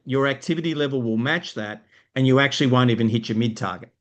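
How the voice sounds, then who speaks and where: Energetic Australian man coaching business. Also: medium pitch, a little fast, hardly any pauses. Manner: energetic, explanatory, frequent rhetorical "right?". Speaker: business coach co-hosting a live stream. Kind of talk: live stream business teaching.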